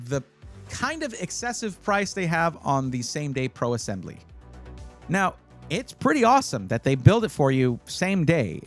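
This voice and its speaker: A man hosting a live stream, chatting casually and advising viewers, with frequent fillers and sudden bursts of excitement. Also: mid-range voice. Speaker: livestream host giving PC buying advice.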